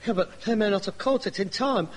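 An actor playing a theatrical, hypochondriac grown son in a sitcom. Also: male voice, high voice, brisk, heavy background noise, natural voice. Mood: whining. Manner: theatrical, whining, self-dramatizing. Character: melodramatic hypochondriac grown son, pompous and whiny. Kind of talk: sitcom acting.

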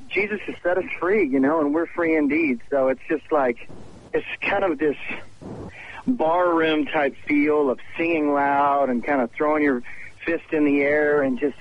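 A man's voice: on the high side, animated, moderate pace, a little hiss or hum. A man calling in from backstage at a concert, chatting in an upbeat way for a phone interview. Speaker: guest musician. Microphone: phone call. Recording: dull lo-fi phone line.

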